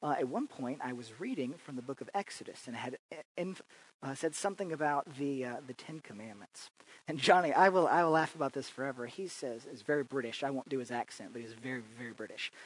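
A man's voice: mid-range voice, fast, husky, poor audio. A man giving an informal church talk, telling chatty, humorous stories with frequent fillers and restarts. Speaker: church speaker and improv teacher.

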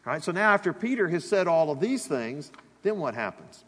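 Man preaching, husky, lively rising-and-falling voice, fairly high, long hall echo. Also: a little fast. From Alabama, US. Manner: animated, conversational preaching with asides to the congregation. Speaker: pastor. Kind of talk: sermon. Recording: long reverb of a large hall.

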